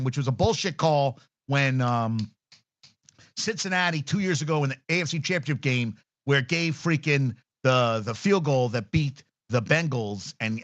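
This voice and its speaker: A man with a medium-pitched, fairly bright voice hosts a sports podcast alone, offering casual commentary laced with blunt, profane rants. The sound is dull, dry and lo-fi.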